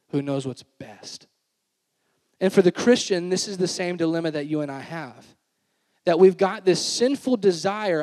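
A man in his thirties preaching a sermon, telling a family story with laughter and dropping to a hushed, earnest tone. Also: high voice. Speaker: pastor. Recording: long hall reverb.

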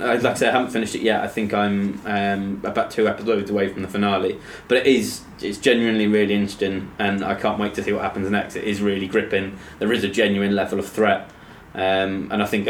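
A man casually reviewing a TV series in a measured, hesitant way with many pauses and ums. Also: on the low side, little pitch movement, reverberant, a little hiss or hum. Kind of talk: casual chat.

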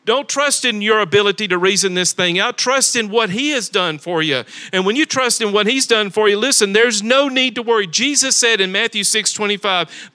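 A man's voice: high-pitched, pushed and bright. A man preaching a sermon as pastor, emphatic and repetitive, asking his congregation rhetorical questions in a church. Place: church sanctuary.

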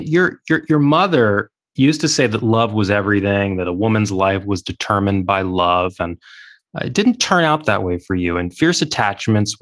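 A man interviewing an author, asking long measured questions with occasional hesitations. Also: fairly low pitch, fairly bright tone.

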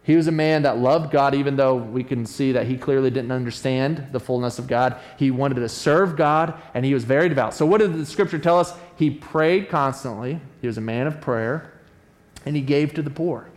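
A man preaching a sermon in an animated, conversational storytelling way, often checking in with his listeners. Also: normal speed. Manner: animated storytelling, acts out quoted voices with a raised pitch; conversational, often asks "right?". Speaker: pastor.

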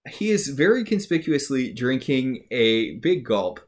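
A podcast co-host speaking at an ordinary middle pitch in casual recap chat. The delivery is dry and wry, with understated jokes. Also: sing-song, unhurried.

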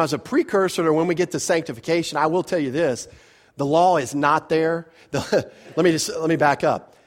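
A man preaching a verse-by-verse sermon as pastor, talking conversationally with rhetorical questions and quick self-corrections. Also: on the high side. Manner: grows animated when telling a personal story.

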